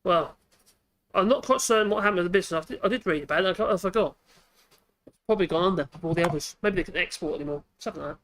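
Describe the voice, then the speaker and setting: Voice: medium pitch, racing, fairly bright tone, a little hiss or hum. A woodworking channel host, chatting casually while demonstrating at the workbench, thinking aloud and correcting themselves as they go.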